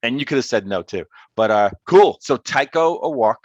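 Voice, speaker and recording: A man's voice: mid-range voice, expressive, normal speed, no echo, dull audio. A man co-hosting a music reaction show, chatting casually and joking in a rambling way. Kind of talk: casual chat.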